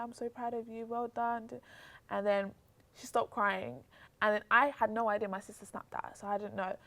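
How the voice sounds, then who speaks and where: A young British woman, a guest telling a story in casual chat, acting out the voices of the people she quotes. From Britain. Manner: animated, acts out quotes with pitch jumps. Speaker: interview guest.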